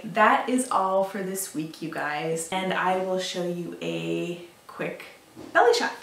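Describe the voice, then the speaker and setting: Young woman vlogger, chatty and giggly, recorded roomy and set back from the mic. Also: medium pitch. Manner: chatty, lots of fillers and laughs. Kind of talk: casual chat to camera. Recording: roomy echo, mic at a distance.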